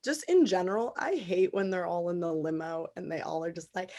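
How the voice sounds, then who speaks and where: A woman's voice: lowish voice, fairly quick, hardly any pauses, mellow. A woman in her twenties co-hosting a casual podcast chat, retelling moments with lots of fillers. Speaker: podcast co-host.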